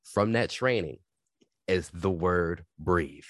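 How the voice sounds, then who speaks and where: A man co-hosting a podcast, telling stories in casual, profane, animated chat. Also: low-pitched, slow, no echo, clean studio sound. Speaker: podcast co-host.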